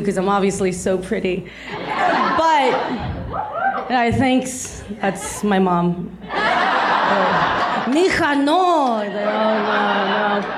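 A woman's voice: mid-range voice, noisy background. A woman in her thirties from South Texas, telling a stand-up story with chatty, laughing energy. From South Texas, USA. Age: 30s. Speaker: stand-up comedian. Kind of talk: stand-up comedy set. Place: comedy stage before a live audience. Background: audience laughter.

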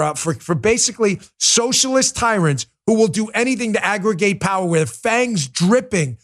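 A man's voice: high-pitched, a bit bright. A man hosting a political commentary show, delivering a heated, emphatic monologue. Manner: fiery, emphatic, repetitive ranting.

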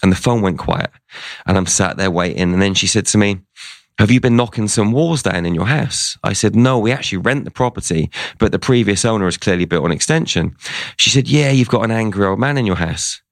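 A man's voice: lowish voice, a little fast, dry recording. A man, a guest in an interview, telling a personal story in a casual way and quoting what people said to him.

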